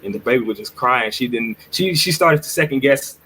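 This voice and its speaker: A man's voice: mid-range voice, lively intonation, a little fast, pushed and bright, a little hiss or hum, poor audio. A man co-hosting a podcast, telling a story in a rambling, earnest way full of restarts. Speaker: podcast co-host. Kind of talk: casual storytelling chat.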